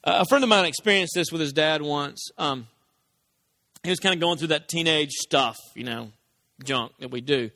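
Casting: high-pitched male preacher, animated storyteller, big vocal swings. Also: moderate pace, no echo. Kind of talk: sermon.

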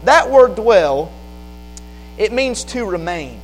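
Male preacher, very high voice, shifts from hushed teaching to fervent shouting, faint hum behind. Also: sing-song, slow, poor audio. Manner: swings from quiet explaining to loud fervent preaching. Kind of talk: sermon.

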